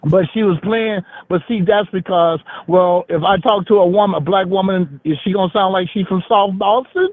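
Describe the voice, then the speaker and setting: A man's voice: high-pitched, moderate pace, hardly any pauses, dry recording. Blunt man from Mississippi on a tinny phone line. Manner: blunt, profane, street slang. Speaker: phone-in guest. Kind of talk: casual chat.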